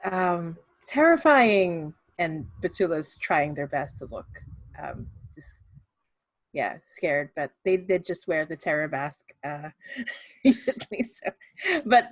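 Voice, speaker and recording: A woman's voice: lowish voice, lively intonation, measured pace, no echo, poor audio. A woman playing a tabletop game, speaking casually with a wry tone. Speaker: player. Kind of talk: tabletop role-play.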